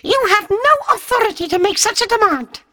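A high fluting vole-like alien. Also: male voice, expressive, normal speed, sharp tone, dry recording, heavily acted. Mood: pedantic. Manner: pedantic. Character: small furry vole-like alien leader, pedantic, sneering. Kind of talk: audiobook narration.

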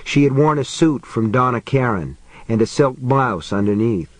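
A man narrates a novel in a low, measured audiobook delivery. His voice sits at an ordinary middle pitch. The sound is close and dry, with no room around it. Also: expressive, dry recording, rough recording. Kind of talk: scripted narration.

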